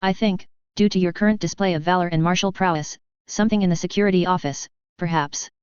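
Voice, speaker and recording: A woman reading the lines of a silky, scheming female deputy ambassador with a smooth, purring manner. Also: fairly low pitch, steady tone, fast, no room sound, close to an everyday voice. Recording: dull, muffled recording.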